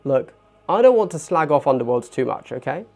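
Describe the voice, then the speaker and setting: A man in his thirties hosting a casual hobby livestream, chatty and animated, getting worked up and poking fun at himself. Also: a little high, brisk, creaky. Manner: chatty, animated, gets worked up and self-deprecating. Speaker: livestream host. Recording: faint background music.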